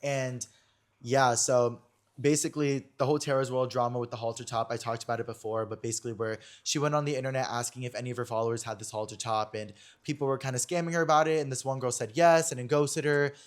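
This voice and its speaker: A man's voice: mid-range voice, steady tone, quick pace. A young man hosting a podcast in casual chat, rambling and packing his speech with fillers and online slang. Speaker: podcast host.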